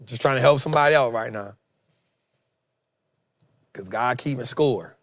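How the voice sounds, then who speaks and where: A man hosting a show, giving a preachy motivational talk, swinging between loud and soft and repeating his phrases. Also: mid-range voice, moderate pace, dry recording, studio quality. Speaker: host.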